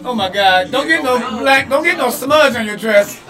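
A man co-hosting a podcast, joking loudly, laughing and exclaiming with teasing questions. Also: very high-pitched, expressive, moderate pace, over music. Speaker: podcast co-host. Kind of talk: loud joking banter.

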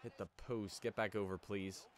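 A man's voice: on the low side, steady tone, normal speed. A man giving casual, rambling commentary while playing a hockey video game, reacting to each save. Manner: chatty, rambling, reacts to plays. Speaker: let's play host.

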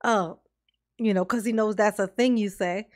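A woman's voice: medium pitch, steady tone, normal speed. A woman hosting a reaction commentary, sarcastic and laughing, talking back at a clip. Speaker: commentary channel host.

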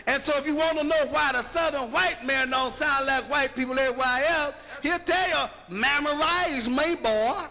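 An American man lectures with a high, piercing, bright voice that turns gravelly at the edges. He drives his points home emphatically, like a preacher, with rhetorical questions. His voice rings through a hall with a long echo. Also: fairly even intonation, a little fast, few pauses, slight background noise. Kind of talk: public lecture.

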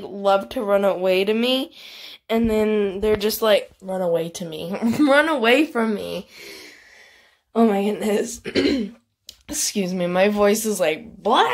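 A woman hosting a gaming channel, chatting casually over gameplay in a bubbly, giggly way with frequent exclamations. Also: fairly high pitch.

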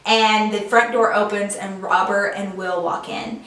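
A woman's voice: mid-range voice, fairly even intonation, a little slow, fairly bright tone. A woman chatting to her viewers as she tells a personal story, full of "like" and "you know" fillers. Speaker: YouTube storyteller. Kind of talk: casual storytime monologue. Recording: echoey room, mic at a distance.

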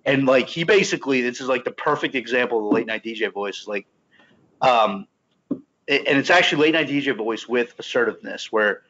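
A man's voice: medium pitch, fairly quick, fairly bright tone, muffled recording. A man talking casually on a podcast about a book, rambling with many restarts. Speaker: podcast team member.

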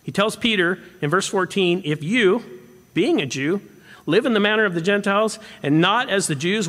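A man preaching a sermon as pastor, animated and swinging between emphatic points and hushed moments. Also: high voice, fairly quick. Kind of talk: expository sermon. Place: church sanctuary. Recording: long hall reverb.

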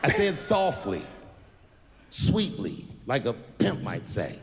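A man performing stand-up comedy, telling stories with animated delivery and acting out voices. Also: medium pitch, slow, very noisy. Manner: animated storytelling, acts out voices. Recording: stand-up special in a large hall with audience.

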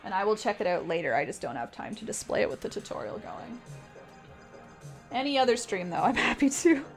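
A woman's voice: mid-range voice, big pitch swings, a little fast, faint music behind. A young woman from Canada chatting casually with her live-stream audience as she paints, reading messages aloud and laughing often. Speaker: art streamer.

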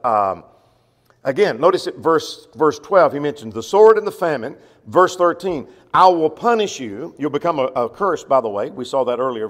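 A man teaching a verse-by-verse Bible class, reading scripture slowly and with emphasis, then explaining it in a conversational way. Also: mid-range voice, long reverb tail. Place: church.

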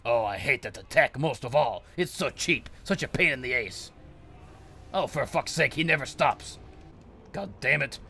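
A man's voice: medium pitch, expressive, moderate pace, gravelly, pushed and bright, breathy edge. A man narrating his own gameplay in a grumpy, swearing persona of an evil sorcerer, ranting at his helpers. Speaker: gameplay commentator. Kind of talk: in-character let's play commentary.

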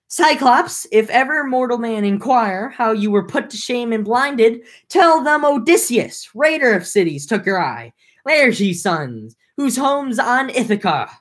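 A woman's voice: fairly high pitch, very animated, measured pace. Woman reading as a boastful sea captain. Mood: boasting. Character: boastful male sea captain, proud and defiant. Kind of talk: amateur read-aloud.

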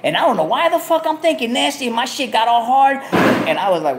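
Loud profane man. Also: extremely high pitch, expressive, fast talker, hardly any pauses, noisy background. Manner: profane, loud street slang. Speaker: podcast host. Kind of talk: casual storytelling. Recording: echoey room.

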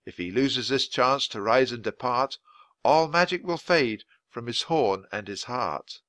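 A man's voice: mid-range voice, lively intonation, unhurried, a bit bright, no room sound. A man voicing a sensible, cautious young boy in a storybook reading. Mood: reading aloud. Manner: cautious, level-headed.

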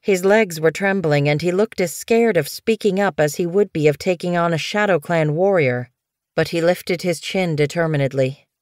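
A woman with a fairly low voice narrates an audiobook at normal speed, steady and even in her scripted storytelling. The recording is dry and of studio quality.

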